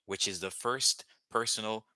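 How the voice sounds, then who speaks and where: A man teaching a live language lesson, patiently repeating words slowly for learners. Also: on the low side, bright, forceful tone, dry recording.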